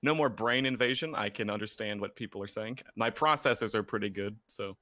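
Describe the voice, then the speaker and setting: A man's voice: fairly low pitch, fairly quick, sharp tone, no echo. A man playing a tabletop game, goofing around in character. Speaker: player.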